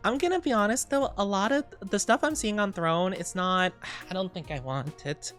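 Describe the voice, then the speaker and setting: A man's voice: sits high, moderate pace, a bit bright, faint music behind. A young man streaming, chatting casually in a bubbly, rambling way, reading chat aloud and giggling often.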